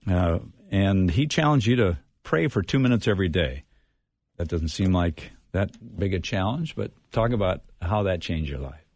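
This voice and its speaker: A man hosting an interview, introducing his guest in a halting way with many fillers. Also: deep voice, lively intonation, a little mellow, dry recording. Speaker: interview host.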